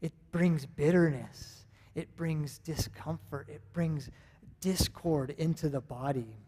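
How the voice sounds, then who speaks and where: A man's voice: on the high side, slow pace, dark tone, husky. A man in his thirties with an American accent, preaching a sermon in an earnest, conversational way, often restarting his sentences. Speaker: pastor. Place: church sanctuary. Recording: long reverb of a church hall.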